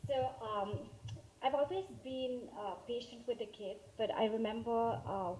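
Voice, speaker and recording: A woman in her forties on a discussion panel, telling a personal story in a lively way with acted-out quotes, speaking into a handheld mic. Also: fairly high pitch, unhurried, slight background noise. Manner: animated storyteller, acts out quotes. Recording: dull lo-fi panel recording.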